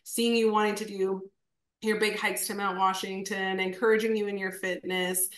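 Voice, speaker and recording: A woman's voice: medium pitch, level tone, moderate pace, fairly bright tone. A woman coach speaking with heartfelt, emotional praise in an interview. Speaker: diet coach. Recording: echoey, distant from the mic.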